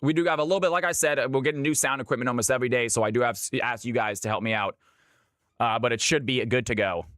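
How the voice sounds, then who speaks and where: A man's voice: mid-range voice, fast talker, fairly bright tone, dry recording, clean studio sound. A man from Georgia in the US, hosting a live stream and calling custom games with a hyped announcer delivery. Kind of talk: live game commentary.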